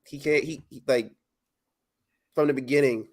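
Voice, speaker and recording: A man co-hosting a wrestling podcast, casually retelling events with animated, laughing storytelling. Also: medium pitch, normal speed. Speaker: podcast co-host.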